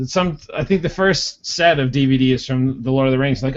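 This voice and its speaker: A man's voice: medium pitch, normal speed. Easygoing man chatting on a lo-fi podcast. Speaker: podcast co-host. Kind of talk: casual chat.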